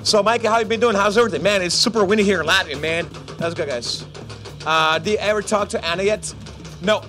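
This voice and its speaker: A man's voice: high-pitched, fast talker, sharp tone, soft background music. A man presenting a live casino game, chatting playfully with viewers and joking between rounds. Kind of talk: lively chat with viewers while running a game.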